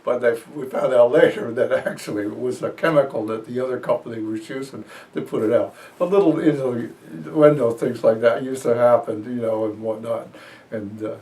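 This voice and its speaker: Gravelly older man, off-mic. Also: mid-range voice, fairly even intonation, normal speed, a little mellow, far from the mic. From New Jersey, USA. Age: 80s. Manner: rambling storyteller, fillers and chuckles. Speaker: interviewee. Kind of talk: reminiscing interview.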